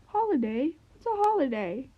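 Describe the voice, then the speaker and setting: A woman voicing a tired, kindly old male owl who teaches young animals, soft and weary. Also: high-pitched, very animated, normal speed, highs cut off. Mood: weary gentle.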